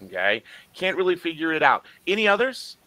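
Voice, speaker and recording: A man's voice: fairly high pitch, sing-song, brisk, bright, forceful tone, no echo, rough recording. A man teaching an online English exam class, joking and acting out confused listeners with playful quoted reactions. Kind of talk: live online lecture.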